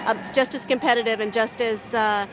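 Quick, high-voiced woman at a noisy sports event. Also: fairly even intonation. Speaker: event organizer, guest. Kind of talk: interview answers. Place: at a wheelchair rugby event. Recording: loud sports event noise behind. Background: crowd and game noise.

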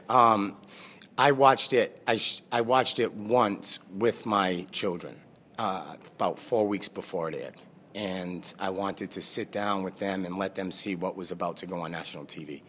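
A man speaking as an interview guest, earnest and halting, with many fillers and restarts. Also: sits low, fairly bright tone. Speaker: guest, former pro basketball player. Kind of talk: conversational interview. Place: live studio with audience.

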